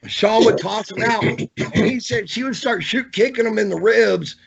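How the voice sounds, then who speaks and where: A man co-hosting a wrestling podcast, talking enthusiastically with quick restarts. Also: high-pitched, creaky, a loud crowd. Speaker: podcast co-host and wrestling referee. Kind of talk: casual podcast chat. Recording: slightly dull lo-fi audio.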